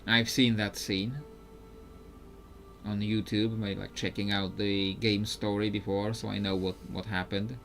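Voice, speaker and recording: A man's voice: on the low side, level tone, measured pace, creaky, fairly bright tone, soft background music. A young man with a non-native English accent, a little unwell, giving casual rambling commentary while he plays, full of fillers and jokes. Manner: rambling, jokey, heavy on fillers. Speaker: game streamer.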